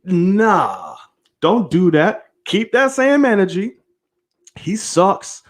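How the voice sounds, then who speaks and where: Male sports-stream host, lively swinging delivery, heated and profane. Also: high voice, slow pace. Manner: animated, profane, heated opinions; addresses viewers directly. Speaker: host of a live sports show. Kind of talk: live-streamed sports rant.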